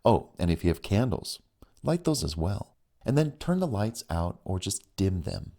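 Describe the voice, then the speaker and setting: A man voicing a calm, courteous male suitor in an audiobook. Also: sits low, moderate pace, exaggerated voice. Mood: gentle. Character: smooth attentive suitor on a phone call. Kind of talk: audiobook reading.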